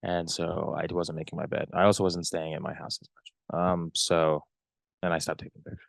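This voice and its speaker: A young adult man co-hosting a podcast, chatting casually in a halting, rambling way. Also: sits low, little pitch movement, creaky, dry recording. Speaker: podcast co-host. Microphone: close podcast mic.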